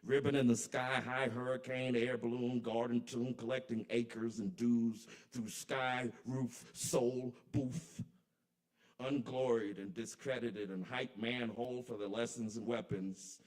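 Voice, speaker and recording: A man at an open mic in a kava bar, performing spoken word poetry in a rhythmic, incantatory way that swings between soft and loud. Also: medium pitch, fairly even intonation, a little slow.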